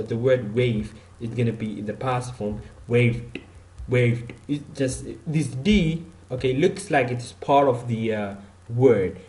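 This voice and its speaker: Male teacher, unhurried and mellow, drilling example words with frequent okays. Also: medium pitch. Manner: repeats example words slowly, many okays and restarts. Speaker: English teacher. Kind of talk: explaining pronunciation from a slide.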